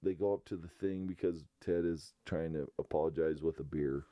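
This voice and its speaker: A man's voice: very deep voice, fairly even intonation, moderate pace, mellow, no room sound, dull audio. A young man hosting a podcast, chatting casually and laughing as he retells a sitcom episode in a rambling way. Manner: laughs often, rambling retelling with quoted lines. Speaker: podcast host.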